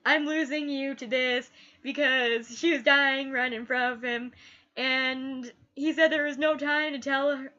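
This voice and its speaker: A woman with a bright, high voice talks through a TV episode at an unhurried pace. She gushes and often repeats the last word she said. The recording is a little dull and lo-fi. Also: steady tone. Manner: gushing, repeats last words like an echo. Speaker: TV reviewer. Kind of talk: casual spoken review.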